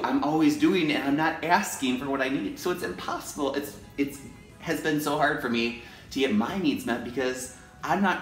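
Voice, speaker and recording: Expressive man vlogging in an echoey room. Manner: expressive, jumps into high acted inner voices; ends softly with self-affirmations. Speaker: teacher and video blogger. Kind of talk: personal confessional vlog.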